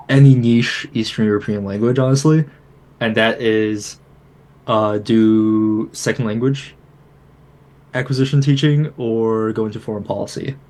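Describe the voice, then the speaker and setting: A young man in his twenties, a guest on a podcast, talking casually over a video call and laughing between phrases. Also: fairly low pitch. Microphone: home computer mic on a video call.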